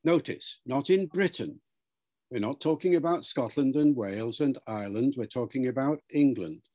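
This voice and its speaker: A man answering interview questions as a language expert, in a measured, lecturing way. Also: mid-range voice, warm tone.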